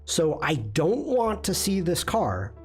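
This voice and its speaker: Over faint background music, a man speaks slowly in a fairly high voice with big pitch swings as he hosts a casual livestream critique. The design instructor chats, knocks himself, and uses lots of fillers and restarts while reviewing viewers' work.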